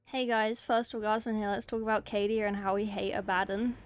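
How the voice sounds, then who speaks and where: A woman mimicking a male gaming video host, doing a halting, mock-enthusiastic intro patter. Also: medium pitch, level tone, no echo, close to an everyday voice. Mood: mock-hype.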